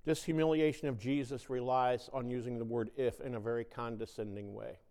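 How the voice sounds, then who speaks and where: A man's voice: fairly even intonation, fairly quick. Man preaching a dramatic sermon in a hall. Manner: dramatic swings from loud, high scripture reading to hushed low reflection. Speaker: pastor.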